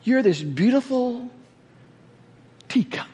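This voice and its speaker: A man voicing a patient, firm potter who speaks slowly and calmly. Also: extremely high pitch, slightly rough, full character voice. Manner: slow, calm, reassuring. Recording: echoey hall reverb.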